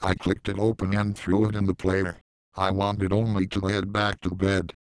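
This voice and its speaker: Deep, flat-voiced man reading a story. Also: moderate pace, clear, resonant tone, no echo, low-quality recording. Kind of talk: reading a first-person story aloud.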